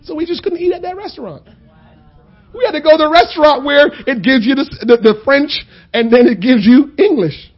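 A man preaching a sermon in a conversational, storytelling way that builds to loud, shouted points. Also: extremely high pitch, fairly quick, lo-fi sound.

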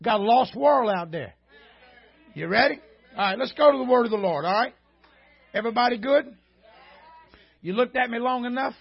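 A high-voiced man preaching in a church, his voice husky and breathy. He swings from folksy country jokes to loud shouted preaching. The recording is dull and lo-fi. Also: expressive, normal speed, long pauses. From rural Southern United States. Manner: joking folksy banter rising to shouted preaching. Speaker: guest preacher. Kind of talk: sermon. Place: church sanctuary before a congregation.

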